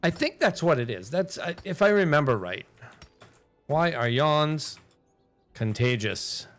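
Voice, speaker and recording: A man's voice: on the high side, animated, measured pace, faint music behind. A man streaming a game, chatting casually and thinking aloud as he plays, rambling between talking to himself and to his chat.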